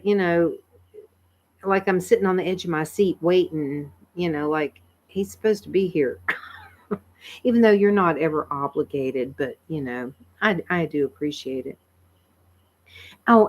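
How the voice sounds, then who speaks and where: A woman, chatting casually with viewers on a livestream, tired and a bit croaky, laughing often and rambling with fillers. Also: fairly low pitch. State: tired, frog in her throat. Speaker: livestream host. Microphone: computer microphone.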